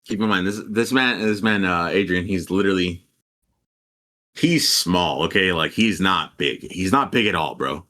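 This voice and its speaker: A man's voice: low voice, expressive, normal speed, pushed and bright. A young man casually telling a rambling, profane story and quoting people animatedly as a podcast co-host.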